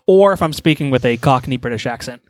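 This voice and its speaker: A man co-hosting a podcast, loose and profane, breaking into laughter often. His voice sits at an ordinary pitch and is recorded close and dry, with no room sound. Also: animated, fast, no echo. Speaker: podcast co-host. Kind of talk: casual podcast chat.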